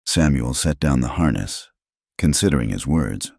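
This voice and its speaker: A male storyteller reads a frontier tale in a calm, unhurried, scripted delivery. His voice is extremely low and deep. The recording is dry and close-miked. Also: creaky, husky, dry recording. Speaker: narrator.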